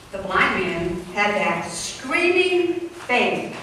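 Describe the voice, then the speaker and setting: A woman pastor preaching a sermon in an animated style, rising to shouts at moments. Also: medium pitch, takes it slowly, a little hiss or hum. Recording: echoey distant room recording, faint ambience.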